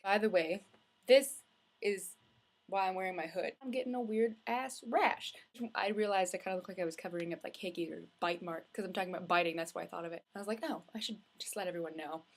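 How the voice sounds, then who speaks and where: A woman's voice: on the low side, fast. A young woman vlogging from home, telling a casual, rambling story full of likes and restarts. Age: young adult. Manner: chatty, rambling, with many filler likes and restarts. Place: indoors at home, with hood up.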